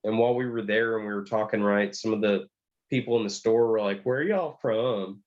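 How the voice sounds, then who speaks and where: A man's voice: lowish voice, level tone, quick pace, dull audio. A man with a Texan accent, co-hosting a podcast, telling rambling joking stories in casual chat. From Texas. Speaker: podcast co-host.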